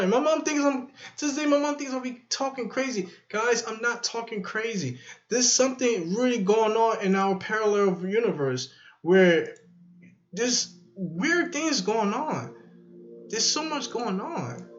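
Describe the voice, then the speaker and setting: A man talking casually to his viewers, stammering and incredulous, often restarting his sentences. His voice sits high. He is recorded in an echoey room with dull audio and faint music behind. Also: animated, unhurried. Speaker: vlogger. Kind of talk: casual rambling commentary.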